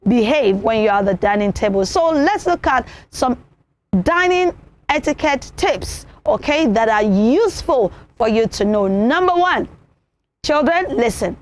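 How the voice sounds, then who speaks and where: Woman hosting a children's show, high-pitched and lively, acts out every example. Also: a little slow. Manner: animated, repeats points, acts out examples. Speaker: children's TV presenter. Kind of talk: teaching children on television.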